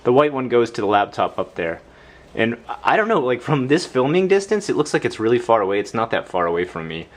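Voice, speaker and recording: A man's voice: medium pitch, big pitch swings, brisk. A young man giving a casual, rambling home-tour vlog inside his house, self-deprecating and full of fillers.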